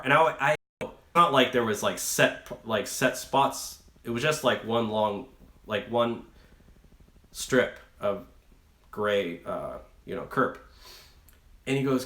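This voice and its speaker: A man's voice: medium pitch, normal speed, a bit bright. A young man hosting a rideshare channel, chatting casually on a live stream and rambling through a story with many fillers and restarts. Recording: echoey room.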